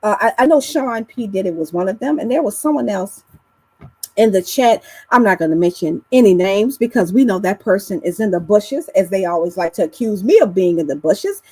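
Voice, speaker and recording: A woman's voice: fairly quick, slightly rough, no room sound, poor audio. A woman on a live online panel, chatting casually in a teasing, blunt way with some swearing. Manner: animated with big pitch swings. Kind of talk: casual live-stream chat.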